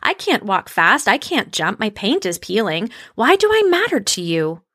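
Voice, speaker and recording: A woman's voice: mid-range voice, big pitch swings, normal speed, fairly bright tone, no echo, studio quality. A woman voicing a small, timid male wooden puppet who talks in an unsure, pleading way. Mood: wondering.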